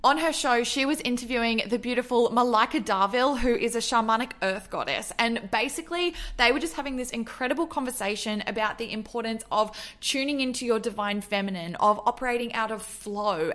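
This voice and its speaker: A young adult woman from Australia with an Australian accent, hosting her podcast in a bubbly, effusive monologue full of excitement. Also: a little high. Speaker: podcast host. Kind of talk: enthusiastic solo podcast monologue.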